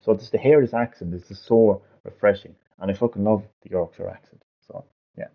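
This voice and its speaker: A man's voice: lowish voice, fairly quick, creaky. A man giving casual, rambling let's-play commentary, blunt and thinking aloud. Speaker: gaming video host. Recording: lo-fi with game music behind.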